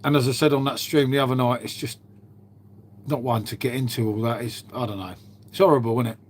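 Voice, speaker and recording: Reading out the chat on his livestream, a middle-aged host keeps things casual, relaxed and full of swearing, dropping "mate" and "innit" throughout. He speaks fairly fast in a steady, mid-range voice over a faint hiss or hum.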